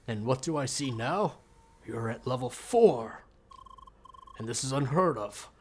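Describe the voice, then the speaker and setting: A man's voice: medium pitch, lively intonation, a little slow, slight background noise, close to an everyday voice. A man voicing a pompous young male gamer who lectures and plays at being a moderator, reading game dialogue aloud. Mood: accusing. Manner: self-righteous, lecturing.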